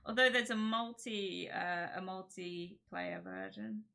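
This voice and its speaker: A woman hosts her livestream, chatting casually in a slow, medium-pitched voice that is gravelly, pushed and bright. She rambles, giggles, and keeps interrupting herself to start over.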